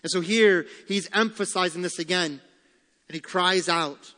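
A man's voice: a little high, moderate pace, bright, forceful tone, big-room sound. A man preaching a sermon as pastor, emphatic, repeating key lines and asking rhetorical questions.

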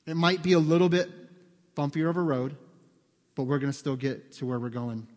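A calm, patient navigation voice, as a preacher puts it on, soft and gently reassuring and a bit lower and quieter than plain talk. A long reverb from a large hall trails behind it. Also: male voice, moderate pace, lightly acted.

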